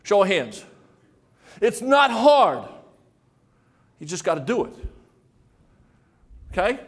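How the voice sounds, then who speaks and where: A man's voice: sits high, slow, pauses often. An older man giving a motivational sales talk to an audience, telling stories and firing rhetorical questions at the crowd. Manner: animated storytelling, acts out quoted voices. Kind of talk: keynote speech to an audience.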